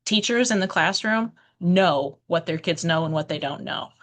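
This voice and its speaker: A retired teacher woman with a fairly low voice, speaking firmly in a casual podcast. She lays out her opinions plainly. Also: lively intonation, moderate pace, fairly bright tone. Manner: firm and opinionated.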